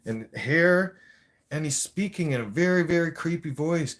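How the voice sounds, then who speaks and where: In a profane, casual rant on his livestream, a Canadian host speaks bluntly and curses heavily. His voice is a little high and expressive, and he keeps a measured pace.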